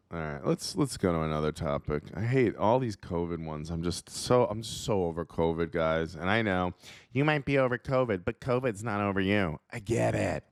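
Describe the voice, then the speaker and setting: A man's voice: clear, resonant tone, dry recording, studio quality. A comedian host riffing casually, joking and laughing at his own bits. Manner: jokey, laughs at his own bits, jumps into silly high voices.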